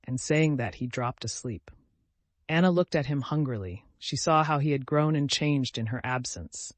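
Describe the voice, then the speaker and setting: A man with a mid-range voice reads a classic novel as an audiobook, calm and measured, lifting his voice for the dialogue. The recording is dry.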